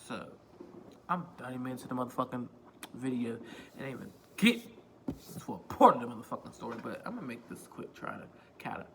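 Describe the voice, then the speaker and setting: A man's voice: medium pitch, animated, fast talker, a bit bright, slight background noise. A man vlogging a casual storytime on a phone, rambling, repeating himself and swearing freely. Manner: rambling, profane, self-repeating.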